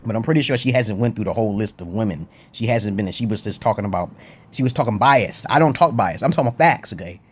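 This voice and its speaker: A man's voice: fairly low pitch, lively intonation, quick pace, husky. A man talking to camera in a rambling, crude, boastful monologue, laughing often. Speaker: vlogger.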